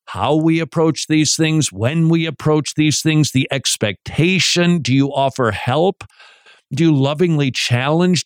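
A man teaching in a sermon style, animated and joking, with many rhetorical questions. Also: medium pitch, no room sound, clean studio sound.

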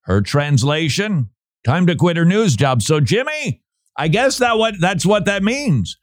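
A man hosts a casual commentary show, sarcastic and quick to laugh. His pitch leaps up and down as he mocks and then turns serious. The recording is close and dry. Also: no echo. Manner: sarcastic, animated, laughs often. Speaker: podcast host.

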